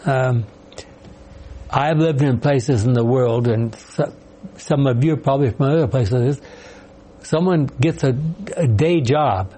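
A man's voice: mid-range voice, warm tone, poor audio. A man leading a Bible study class, asking questions, explaining passages and calling on members to read. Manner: questioning, explanatory, calls on readers.

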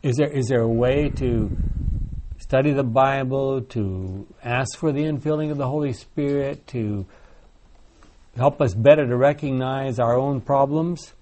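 A man's voice: medium pitch, measured pace, darkish tone. A man leading a Bible study discussion, asking the group questions and telling stories with many restarts.

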